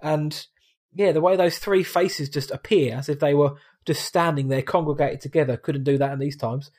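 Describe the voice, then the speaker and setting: A man's voice: fairly high pitch, fairly even intonation, normal speed, a little mellow. A man casually chatting about films as a podcast co-host, quoting and mimicking lines. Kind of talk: casual film review chat.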